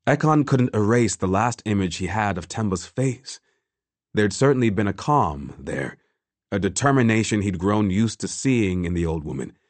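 A man reading a fantasy novel aloud as scripted narration, measured and grave. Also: lowish voice, no echo. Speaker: audiobook narrator.

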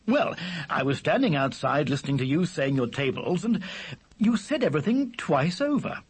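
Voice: medium pitch, very animated, moderate pace, husky. Reader doing a teasing, fond father.

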